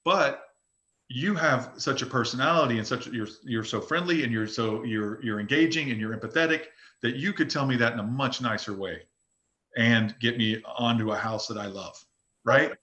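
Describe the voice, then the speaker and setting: A man's voice: mid-range voice, normal speed, bright, forceful tone. A man coaching real estate agents in a casual open forum. He speaks emphatically, repeats himself and often restarts his sentences. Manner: emphatic, repetitive, frequent restarts. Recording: roomy echo.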